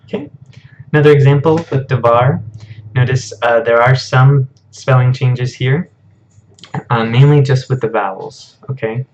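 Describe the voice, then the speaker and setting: A male teacher walks through grammar at an unhurried, slow pace, chatting casually and filling pauses with ums. His mid-pitched voice comes through slightly dull, lo-fi audio, like a home screen recording. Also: steady tone, a little mellow. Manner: casual and patient, speaks slowly with fillers. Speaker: Hebrew teacher. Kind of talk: screen-share grammar lesson.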